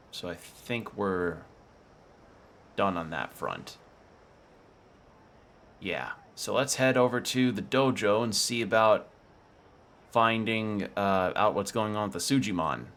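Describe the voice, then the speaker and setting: A man casually commenting on a video game he is playing, relaxed and thinking aloud. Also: lowish voice, a little slow, long pauses. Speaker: gaming streamer. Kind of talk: casual let's play commentary. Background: faint game music.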